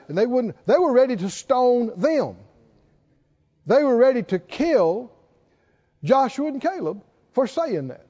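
Male preacher, very high voice, lively swings in pitch, long hall reverb. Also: unhurried, long pauses. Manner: animated, reads scripture and acts out quotes. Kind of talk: sermon. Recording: dull recording in a reverberant hall.

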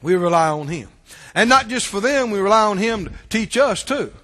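A man with a high-pitched voice preaches a sermon, rising into emphatic shouts and sinking to quiet asides. The sound carries a long reverb, as in a large church hall. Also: lively intonation, moderate pace.

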